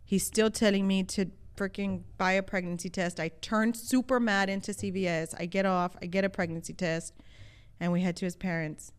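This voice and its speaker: A woman co-hosting a casual podcast chat, telling a story with animated acted-out quotes. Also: medium pitch, normal speed, clean tone. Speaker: podcast co-host.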